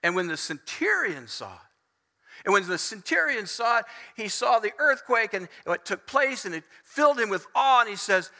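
A man preaching a sermon, swinging between loud pleading and hushed, near-whispered passages. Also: high-pitched, sing-song, normal speed. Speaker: pastor. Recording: long hall reverb.

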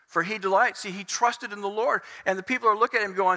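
Man, pastor, high voice, conversational sermon, echoing hall. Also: steady tone, quick pace, pushed and bright. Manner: conversational preaching, voicing the psalmist's complaints. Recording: reverberant hall.

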